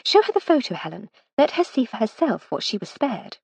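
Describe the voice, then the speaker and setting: A woman voicing a breezy, wry aristocratic Edwardian lady in an audiobook, quick to laugh. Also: a little high, very animated, gravelly, a little mellow, breathy edge, no echo, pitched above the performer's own voice, full character voice.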